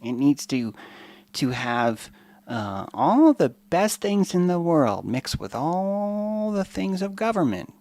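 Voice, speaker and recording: A man doing a mocking impression of a preachy female politician, slow and drawn out. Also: fairly high pitch, big pitch swings, warm tone, no echo, voice pushed up, exaggerated voice.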